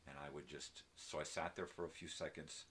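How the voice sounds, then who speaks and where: A man's voice: a bass voice, fairly even intonation, fairly quick, fairly bright tone, a little hiss or hum. An older man hosting a live morning show, telling a rambling story casually and often tagging lines with "right?". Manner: talks to his dog, tags lines with "right?".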